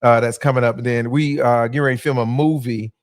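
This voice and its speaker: A man's voice: medium pitch, fairly even intonation, fast talker, no room sound, studio quality. A man, a comedian guest talking in a laid-back, joking way in a casual interview.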